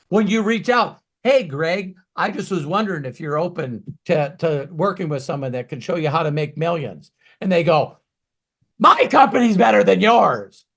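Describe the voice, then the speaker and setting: A man coaching in a Q&A talk, emphatic and ranting, swinging from quiet asides to loud bursts. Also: a little high. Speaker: business coach.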